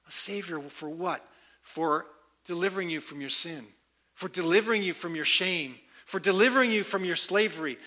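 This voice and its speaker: A man preaching a sermon, emphatic and repeating key words with slow, deliberate stress. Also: sits high, bright, forceful tone. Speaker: pastor.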